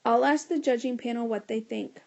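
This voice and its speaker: A woman's voice: a little high, moderate pace, creaky, darkish tone. Woman voicing a stern, weary male teacher. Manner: commanding, exasperated.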